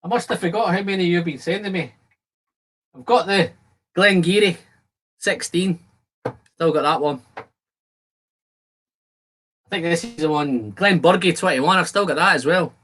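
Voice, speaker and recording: A man's voice: high voice, moderate pace, long pauses, fairly bright tone. A man hosting a casual whisky-tasting livestream from his shed, bantering with viewers and reading their comments aloud in a jokey, chatty way. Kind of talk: casual live-stream chat while tasting whisky. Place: home shed.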